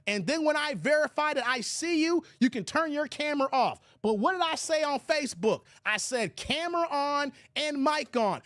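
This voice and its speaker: With an extremely high voice, an American live stream host casually says hello to chatters by name, loose and animated with quick laughs and emphatic runs. The sound is close-miked and dry, with no echo or room around it.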